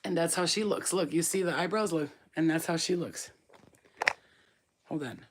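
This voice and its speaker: A woman's voice: low-pitched, moderate pace, slight background noise. A woman in her thirties chatting casually, cursing freely and laughing often, teasing her dog. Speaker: vlogger. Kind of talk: casual chat.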